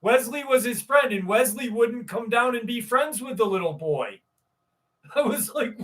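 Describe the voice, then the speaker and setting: A man's voice: extremely high pitch, expressive, moderate pace, a bit bright, distant mic. A man hosting a live stream, rambling casually, swearing freely and greeting viewers in the chat. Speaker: livestream host.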